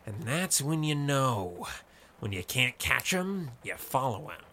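A man's voice: mid-range voice, very animated, slow pace, sharp tone, a little hiss or hum, exaggerated voice. A man voicing a stubborn male colonel who insists and speaks urgently.

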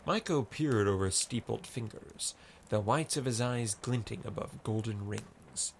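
A man narrating a story in a slow, expressive reading. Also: lowish voice, vocal fry, slight background noise.

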